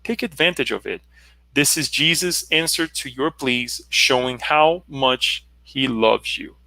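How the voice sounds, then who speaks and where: A man reading a gentle tearful saint. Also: mid-range voice, unhurried, no room sound. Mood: gentle consoling. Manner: gentle, consoling.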